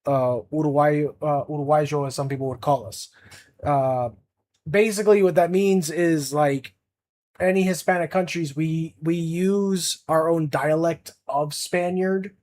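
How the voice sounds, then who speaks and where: A man's voice: on the high side, fairly even intonation, measured pace, darkish tone. A young man chatting casually on a livestream as an art streamer, rambling with lots of fillers and restarts.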